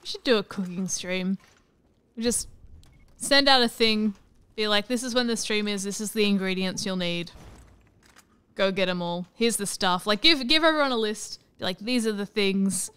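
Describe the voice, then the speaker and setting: Woman, casual stream chat, rambling stories, smooth clear voice, dry close sound. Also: medium pitch, normal speed, a bit bright, no room sound. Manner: rambling, giggly storytelling. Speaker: stream co-host.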